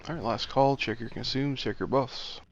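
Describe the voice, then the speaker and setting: A man leading a game raid over voice chat, giving brisk instructions. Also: medium pitch, fairly even intonation, lo-fi sound, slight background noise. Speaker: raid leader.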